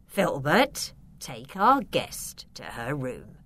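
A woman voicing a sinister, smooth-talking male vampire count in a storybook reading, low and slow, sometimes whispered. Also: wildly swooping pitch, fairly bright tone, heavily acted. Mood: soothing.

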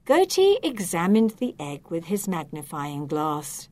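A woman reading a children's story aloud, slow, expressive and clearly enunciated. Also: lowish voice.

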